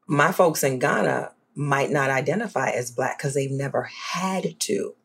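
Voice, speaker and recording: A guest scholar from New Orleans with a New Orleans accent, talking in an animated, emphatic way in a podcast conversation. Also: measured pace, vocal fry, breathy edge. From New Orleans, USA. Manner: animated, emphatic, swings up high when excited.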